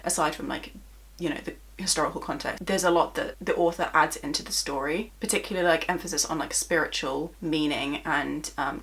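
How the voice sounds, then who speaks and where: A young British woman in a casual book vlog, chatting through her monthly reads with plenty of fillers. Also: low voice. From United Kingdom. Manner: chatty, many "like" fillers, gushing. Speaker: book vlogger. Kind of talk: casual monthly reading wrap-up.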